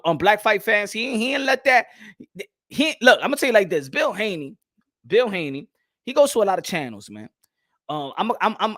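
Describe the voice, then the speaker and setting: A man's voice: fairly high pitch, a bit bright, no room sound, studio quality. A young man hosting a boxing channel, talking in slangy, rambling commentary and often repeating himself.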